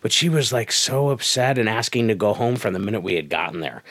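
A man's voice: on the low side, lively intonation, fairly quick, fairly bright tone, no echo. A man co-hosting a casual podcast, rambling through parenting stories and acting out what people said. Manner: rambling storyteller, acts out quoted voices animatedly. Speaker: podcast co-host, comedian and dad. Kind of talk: casual chat.

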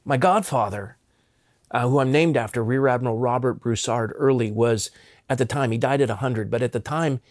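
A man's voice: medium pitch, normal speed, no echo, clean studio sound. A man in his fifties from Southern California, telling a personal story as a guest with earnest emphasis and frequent stammered restarts.

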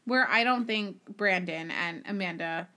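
A woman's voice: lowish voice, measured pace, pushed and bright. A woman co-hosting a podcast who chats bluntly and laughs often, with a lot of "like" in her talk. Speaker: podcast co-host. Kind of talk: casual reality-TV recap chat.

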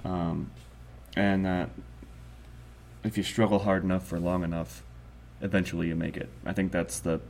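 A young man with a fairly low voice talks through his views in a casual chat. He restarts often and loses his thread before pushing on. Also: little pitch movement, darkish tone, slight background noise. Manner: rambling, halting, many restarts. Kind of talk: casual conversation.

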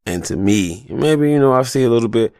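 A man's voice: medium pitch, animated, brisk, darkish tone, no room sound. A man in a casual, heated solo rant on a studio mic, profane and rambling, fired up and agitated. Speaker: solo commentator. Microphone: studio mic with a pop filter.

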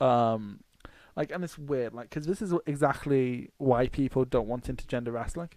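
A man's voice: medium pitch, darkish tone, no room sound. Swearing, rambling man from the UK. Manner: swears freely, rambling anecdotes with quick restarts. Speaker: podcast co-host. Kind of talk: casual chat.

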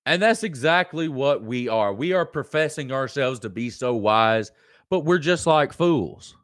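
Hosting a live-stream show, a man with a Southern American accent rants emphatically like a preacher, saying lines again for effect. He has an expressive mid-range voice with a fairly bright tone and measured pace, in a dry, clean studio recording.

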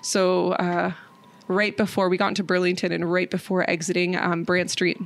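A woman's voice: fairly low pitch, monotone, moderate pace, vocal fry. Storytelling woman. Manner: acts out quoted voices, many fillers like "like". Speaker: podcast guest. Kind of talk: personal storytelling in conversation. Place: parked car.

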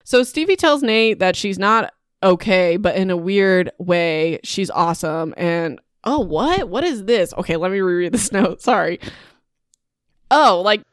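A woman's voice: medium pitch, lively intonation, unhurried, smooth, dry recording. Podcast host: a giggly, scattered woman on a dry close mic, chatting casually and constantly restarting. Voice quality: giggly, keeps breaking into laughter. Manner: scattered, self-interrupting, restarts. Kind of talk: casual chat, bloopers. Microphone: desk mic close by.

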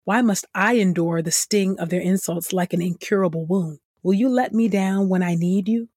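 A woman reading scripture aloud in a steady, earnest way, lifting her voice on the pleas. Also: mid-range voice, normal speed, breathy edge, no room sound, clean studio sound. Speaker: scripture reader.

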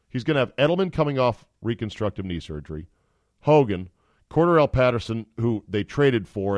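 Dry-voiced opinionated sports talk host. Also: male voice, on the low side, dry recording. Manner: opinionated, jokey, acts out quotes.

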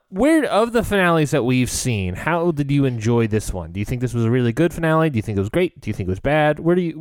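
A man's voice: mid-range voice, dry recording. A man co-hosting a podcast in casual chat, rambling and laughing often as he talks. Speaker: podcast co-host.

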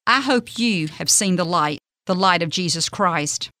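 A woman hosting a radio devotional, reading a faith story in an earnest, gentle, measured way. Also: fairly low pitch, expressive, no room sound, clean studio sound.

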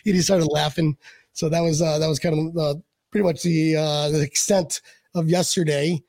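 A man's voice: fairly high pitch, flat delivery, normal speed, darkish tone, no echo, clean studio sound. A man hosting a casual chat, rambling and joking, often repeating his words. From Buffalo, USA. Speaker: podcast host.

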